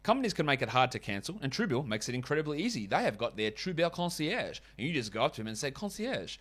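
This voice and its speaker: A man's voice: mid-range voice, very animated, a bit bright. A man hosting a fantasy basketball podcast, running through stats and ad reads with chatty, wry asides. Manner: chatty, wry asides, quick stat rundowns. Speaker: podcast host.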